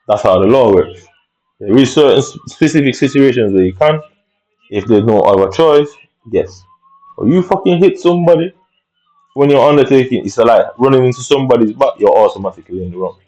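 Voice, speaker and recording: A man's voice: medium pitch, brisk, mellow, lo-fi sound. A man with telling an angry personal story, rambling and profane, full of tag questions. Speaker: vlogger.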